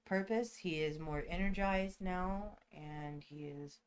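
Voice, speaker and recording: A woman's voice: on the low side, slow. Emphatic woman in casual chat. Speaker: podcast co-host.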